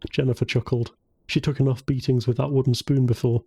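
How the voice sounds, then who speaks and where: A man reading a novel aloud as its narrator, in calm, measured scripted narration. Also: medium pitch, husky, no room sound. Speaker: audiobook narrator.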